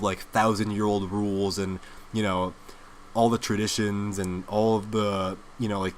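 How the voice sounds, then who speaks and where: Young guy doing a fired-up political rant, lots of likes, faint hiss in the background. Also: on the low side. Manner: animated, heated, with many filler likes. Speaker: host. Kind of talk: political commentary monologue.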